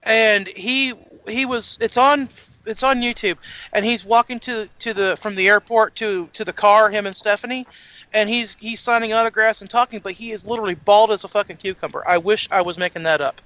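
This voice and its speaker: A man co-hosting a casual wrestling talk podcast, excitable, stumbling over words and swearing freely. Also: high-pitched, fairly quick, dry recording. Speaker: podcast co-host.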